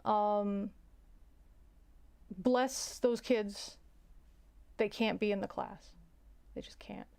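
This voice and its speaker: A young adult woman telling a story in a casual, halting way. She repeats herself and sighs now and then. Her mid-pitched voice has a gravelly edge. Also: steady tone, darkish tone. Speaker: teacher.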